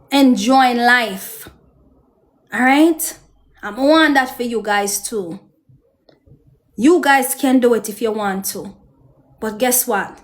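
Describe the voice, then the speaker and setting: Jamaican woman host, high voice, talks straight to her viewers, emotional testimony, preachy. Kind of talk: personal storytelling to viewers.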